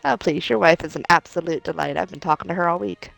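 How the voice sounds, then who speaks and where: A woman's voice: on the low side, quick pace, creaky, fairly bright tone, dry recording, faint music behind, rough recording. A woman in her thirties chatting and teasing her friend during a game stream, laughing often. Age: 30s. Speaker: co-player on a stream. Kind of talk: casual chat while gaming.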